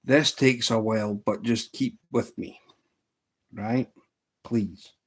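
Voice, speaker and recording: A fly tying livestreamer with a Scottish accent casually tells long, rambling jokes, restarting lines and saying "says" often. His voice is fairly low, steady, slow, and slightly rough.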